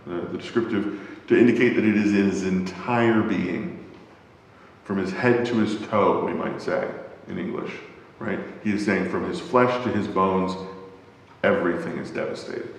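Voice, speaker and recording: A man teaching an adult Bible class in a church, talking thoughtfully, often pausing with fillers as he searches for the right word. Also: fairly low pitch, a little hiss or hum. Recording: echoey hall.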